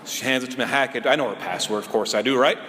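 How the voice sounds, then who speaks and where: A man's voice: medium pitch, rapid-fire, bright, forceful tone. A male priest from Minnesota telling a light, self-mocking story during a homily. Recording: echoey hall with faint noise.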